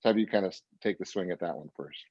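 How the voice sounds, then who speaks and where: Low-voiced man coaching agents. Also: fast, darkish tone, breathy edge, no room sound, dull audio. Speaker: real estate trainer. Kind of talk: coaching talk.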